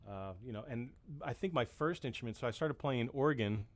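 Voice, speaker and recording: A man in his fifties talks as a musician guest, rambling and self-deprecating, often restarting his sentences. His voice sits at an ordinary middle pitch. The recording is close and dry with no room sound. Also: expressive, a little fast, no echo. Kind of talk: casual chat.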